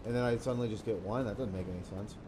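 A man's voice: on the low side, steady tone, racing, noisy background. A man hosting a let's play, rambling through casual gameplay commentary, thinking aloud and bursting into exclamations and curses.

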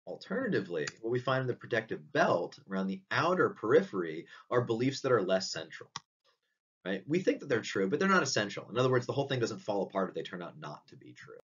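A man's voice: on the low side, very animated, fast, breathy edge. A man giving a recorded philosophy lecture, explaining step by step and often checking in with "right?". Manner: explanatory, frequent "right?" tag questions. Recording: dull distant lo-fi audio.

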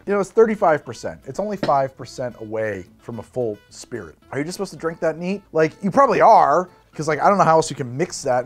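A man hosting a casual spirits tasting vlog, joking and breaking into laughs as he talks. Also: fairly high pitch. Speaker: host.

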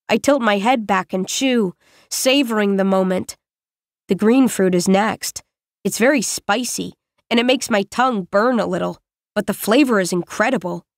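In a close-miked studio recording with no echo, a woman of medium pitch narrates an audiobook in the first person. Her storytelling is measured and reflective.

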